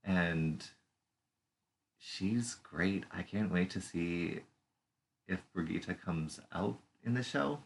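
Man, very low voice, casual playful co-host. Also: slow, creaky, pauses often, slight background noise. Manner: playful, puts on silly voices and puns. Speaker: podcast co-host. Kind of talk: casual chat recapping a TV episode.

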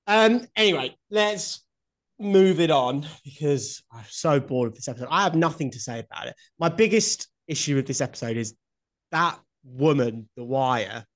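A man's voice: a little high, animated, moderate pace. A man co-hosting a podcast in casual chat, blunt, swearing freely and laughing often. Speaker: podcast co-host.

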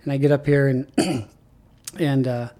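A man's voice: medium pitch, unhurried. A middle-aged man, an athletic trainer, telling stories in a casual chat and acting out the people in them. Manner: animated storyteller, acts out quotes loudly. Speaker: head athletic trainer, guest.

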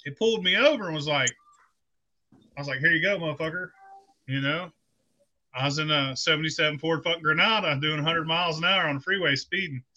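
A man telling a profane, animated story in a casual podcast chat, acting out the people he quotes. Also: on the high side, quick pace, muffled recording.

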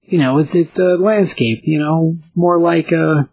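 A man with a husky voice voicing a boisterous, drunken male warrior from a comic, blustering through his lines. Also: fairly high pitch, measured pace, a little mellow, voice pushed up. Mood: flustered.

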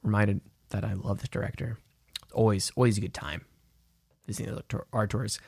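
A young man co-hosting a casual film podcast with a gravelly, creaky voice. He rambles with plenty of restarts and throws in jokes. The sound is dry and close, with no room echo. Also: on the low side, steady tone, brisk, darkish tone. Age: young adult. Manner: rambling, self-interrupting, joking. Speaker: podcast co-host.

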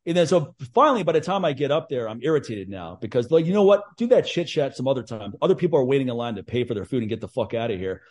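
Fast-talking, animated man, blunt and profane. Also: medium pitch. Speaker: podcast host. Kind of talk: casual chat.

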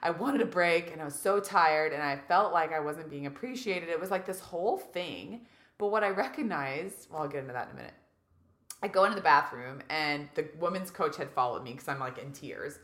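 A woman in her thirties, a guest casually telling a story, animated and acting out quotes, saying "like" a lot. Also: deep voice, a little fast, reverberant. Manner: animated, acts out quotes, heavy use of "like".

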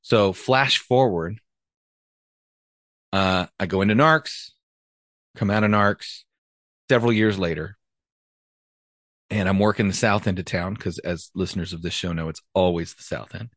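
A man's voice: sits low, measured pace, long pauses, a bit bright, dry recording. A man, a former police officer, telling a story from his career in a blunt, profane, casual way. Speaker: retired police officer, podcast host.

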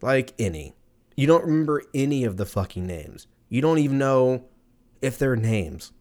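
A man's voice: medium pitch, expressive, normal speed, a little mellow. A man in his thirties hosting a podcast, ranting casually in a profane, rambling, sarcastic way. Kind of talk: casual rant.

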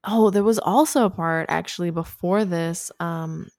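Low-voiced young woman recapping a film. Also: normal speed, no echo, studio quality. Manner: relaxed, steady storytelling with fillers, quotes characters. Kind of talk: casual chat recapping a movie.

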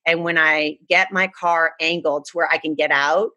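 A woman's voice: sits low, fairly even intonation, moderate pace, sharp tone. A woman from the United States, earnestly telling a personal story in a casual chat. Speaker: guest.

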